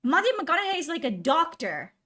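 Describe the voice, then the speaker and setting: High-pitched swearing woman streaming, super lively, frustrated with her chat. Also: fairly quick. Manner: exasperated, swears a lot. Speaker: live streamer. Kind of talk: casual livestream chat.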